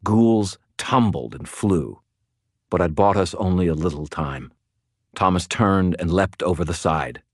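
A man narrates a first-person audiobook with a deep, low voice. His telling is dramatic and wry. The recording is close and dry. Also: lively intonation, a little slow, no room sound.

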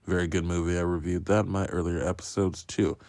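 A man's voice: sits low, flat delivery, brisk, darkish tone, dry recording, studio quality. A man hosting a podcast, giving a casual solo film review in a rambling, profane, self-mocking way. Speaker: podcast host reviewing films.

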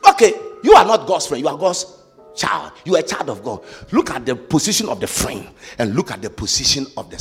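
A male preacher giving an impassioned sermon, shouting and chanting his lines. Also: a little high, breathy edge, long reverb tail.

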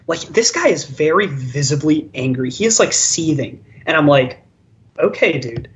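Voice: medium pitch, expressive, normal speed, slight background noise. A podcast co-host in casual chat, retelling a card game match in a rambling way, with lots of restarts and stammers. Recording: dull lo-fi audio.

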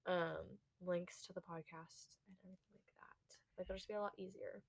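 A woman's voice: fairly low pitch, steady tone, moderate pace, gravelly, husky. A young woman co-hosting a casual podcast chat, rambling and filling her talk with "like". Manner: filler-heavy, rambling, lots of "like". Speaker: podcast co-host.

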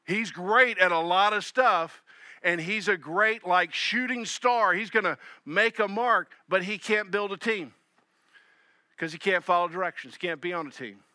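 A man preaching with a bright, slightly high voice. He acts out the people in his text, pushing hard on key phrases and then dropping to soft, low asides. The sound is dry and close. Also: measured pace, no room sound. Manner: animated, acts out voices of Jesus and Peter; swings between loud emphasis and soft low asides. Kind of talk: sermon.

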